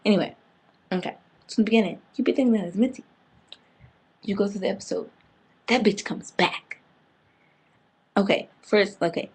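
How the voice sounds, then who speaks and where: A woman excitedly recapping a TV episode in casual slang, breaking into loud outbursts. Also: fairly low pitch, breathy edge. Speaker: TV fan reviewer.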